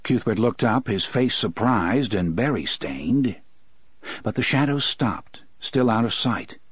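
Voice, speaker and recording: Man, audiobook narration, dry close sound, mid-pitched voice. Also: expressive, slow pace, breathy edge, dry recording. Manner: voices characters with pitch shifts. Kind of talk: scripted narration.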